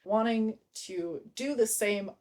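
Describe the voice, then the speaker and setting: A woman co-hosting a podcast, chatting casually with quick reactions and frequent laughter. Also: a little high, a little mellow. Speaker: podcast co-host. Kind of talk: casual chat.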